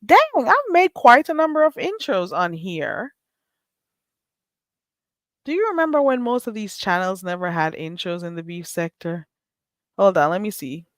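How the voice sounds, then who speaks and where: Woman host, casual live stream chatter, reads comments aloud, lively up-and-down pitch. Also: normal speed, long pauses, no echo.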